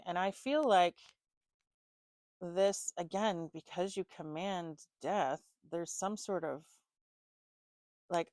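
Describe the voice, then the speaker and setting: A woman's voice: fairly low pitch, darkish tone, no echo. A woman giving a loose, chatty tarot reading to the viewer, full of fillers and casual swearing. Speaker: tarot reader.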